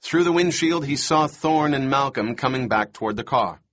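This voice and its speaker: A male audiobook narrator with a husky, mid-pitched voice. He reads the scripted prose steadily and evenly. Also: moderate pace. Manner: steady, even storytelling.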